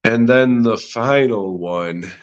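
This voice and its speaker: A medium-pitched American man talks slowly through a solo podcast, ranting about a movie with profanity and sarcasm while chuckling at his own jokes. The audio sounds dull.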